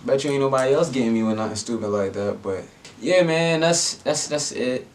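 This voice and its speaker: A man's voice: fairly low pitch, fairly quick, a little hiss or hum. A young adult man telling a personal story in a casual vlog, laid-back and slangy, with lots of fillers. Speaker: vlogger.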